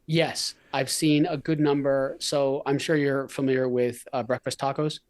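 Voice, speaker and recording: A man's voice: mid-range voice, flat delivery, moderate pace. A man from Canada hosting a podcast, talking in a laid-back, blunt way with frequent fillers. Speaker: podcast host. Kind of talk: casual conversation.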